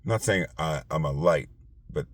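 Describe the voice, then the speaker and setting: A man's voice: rumbling low, moderate pace, dry recording. A tired man hosting a casual late-night talk show, rambling with many fillers and restarts. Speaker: podcast host.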